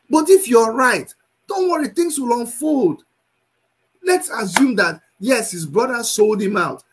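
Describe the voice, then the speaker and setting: Man, husky voice, heated lively scolding commentary. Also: very high-pitched, poor audio. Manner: scolding, repeats himself, raises his voice to shouting. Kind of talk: impassioned online commentary.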